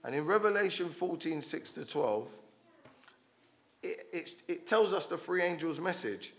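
A man preaching a sermon, passionate and urging, who often restarts his words and swells to loud calls to his congregation. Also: on the high side, expressive, unhurried. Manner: passionate, rising to loud exhortation with frequent restarts.

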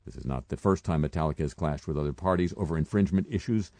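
An older man hosting a radio show, delivering dry, sardonic news commentary with halting fillers. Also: very deep voice, warm tone, no room sound. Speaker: radio host.

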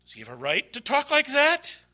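A man pastor's sermon in church rings out in a high, very bright, forceful voice at normal speed. His dramatic delivery swings hugely in pitch, sinking to near-whispers for emphasis before bursting into loud, high exclamations.

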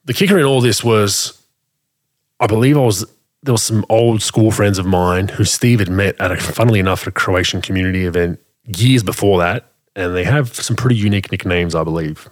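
A man with a fairly low voice tells a story in a loose, casual way. He gets animated and keeps restarting his sentences. He acts out the back-and-forth of the dialogue as he goes. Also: brisk.

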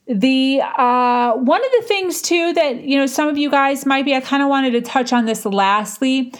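A woman talks through her advice in a loose, unscripted way, full of "like" and "um" and restarted sentences. Her voice sits in an ordinary middle register. She stretches some words slowly and rushes through others, like someone teaching informally off the cuff. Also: medium pitch. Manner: conversational, frequent fillers and restarts, varied tempo. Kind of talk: casual instructional talk.

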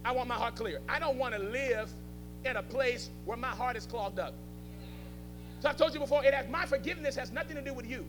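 Fervent male pastor, very high bright voice, hushed to shouting, faint music behind. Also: brisk. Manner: playful asides to the congregation. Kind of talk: sermon. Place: church service.

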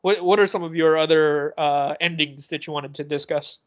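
Podcast co-host, man, high light voice, rambling and giggly, muffled lo-fi sound. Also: steady tone, normal speed. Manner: rambling, laughs often, fumbles for words. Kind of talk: casual chat.

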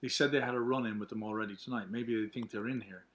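A man's voice: lowish voice, steady tone, fast talker, close to an everyday voice. A suspicious, worried grown man, read by a man. He asks earnest questions in a plain script readthrough.

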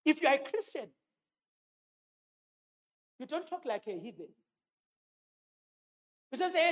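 A man delivers a sermon in a notably high voice. He talks emphatically, quotes scripture and repeats his key lines for weight. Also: sing-song, a little slow, long pauses. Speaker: preacher.

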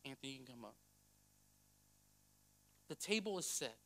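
A man pastor delivering a sermon in church, blunt and emphatic, swinging between soft passages and loud ones. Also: medium pitch, very animated, moderate pace, gravelly. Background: faint music.

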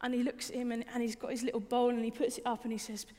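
A young woman preacher races through a conversational, personal sermon, repeating words often and asking listeners questions. Her voice is on the high side, warm, and level in tone. The sound reverberates as in a hall.

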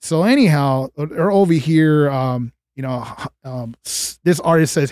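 A man's voice: medium pitch, moderate pace, no echo, studio quality. Man telling a rowdy backstage story. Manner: animated, acts out quoted dialogue, swears freely. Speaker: guest, former stage manager. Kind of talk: casual storytelling.

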